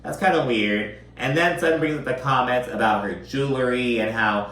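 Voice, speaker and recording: A man's voice: medium pitch, normal speed, fairly bright tone. Guy doing a chatty swear-y tv recap, sounds a bit far off the mic, echoey room. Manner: chatty, profane, full of "like" fillers. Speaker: reality TV recap commentator. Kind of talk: casual commentary recap. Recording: roomy, mic at a distance.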